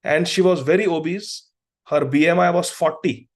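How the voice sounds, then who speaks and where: A man's voice: on the high side, normal speed. A middle-aged man, a preacher who is also a doctor, giving a devotional class lecture in an earnest, storytelling way. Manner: earnest, storytelling with acted quotes. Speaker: preacher and physician.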